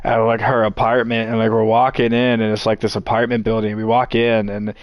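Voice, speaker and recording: A man's voice: lowish voice, level tone, a little fast, clear, resonant tone, dry recording, muffled recording. A man telling a long story in casual chat, rambling and swearing, laughing often as he goes.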